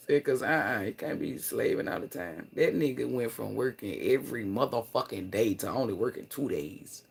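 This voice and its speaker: A man chatting casually on a livestream, rambling and profane, swinging between loud excited bursts and low mutters. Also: a little fast, vocal fry, hardly any pauses, a little hiss or hum. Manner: profane, slangy, laughs often. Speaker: livestream host.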